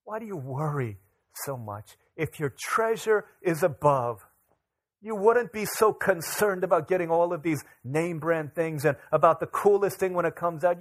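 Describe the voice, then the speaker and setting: A middle-aged man, a pastor, preaching a casual sermon full of personal stories, acting out the voices of the people in them. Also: sits high. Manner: animated, acts out voices of people in his stories. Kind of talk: storytelling sermon.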